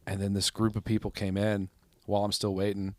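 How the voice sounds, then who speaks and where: A man hosting a podcast, telling rambling anecdotes in casual chat with an American accent and bursts of loud high-pitched quoting. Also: completely flat delivery, brisk, slight background noise. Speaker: podcast host.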